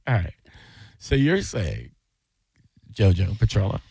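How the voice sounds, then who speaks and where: A man's voice: fairly low pitch, wildly swooping pitch, slow pace, creaky, dark tone, husky, dry recording. A man hosting a radio show, rambling and joking in casual banter with plenty of fillers. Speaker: radio host.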